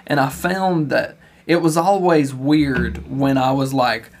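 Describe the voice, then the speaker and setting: A young man co-hosting a podcast in casual chat, talkative, swearing casually and quick to laugh. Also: mid-range voice, steady tone. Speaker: podcast co-host.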